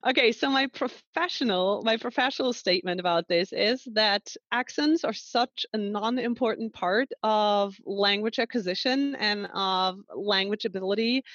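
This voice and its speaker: A woman's voice: mid-range voice, moderate pace, hardly any pauses, a bit bright, dry recording, lo-fi sound. A woman from Germany who is a language teacher, talking candidly and laughing easily in a conversation. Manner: candid, laughing, self-reflective. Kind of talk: conversational interview.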